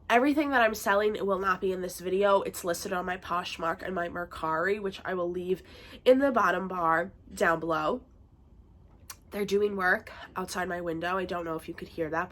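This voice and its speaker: A woman's voice: medium pitch, a bit bright. Nasal young woman with a cold. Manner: chatty, rambling, with frequent fillers. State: congested from a bad cold. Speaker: vlogger. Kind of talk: casual haul vlog. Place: bedroom at home.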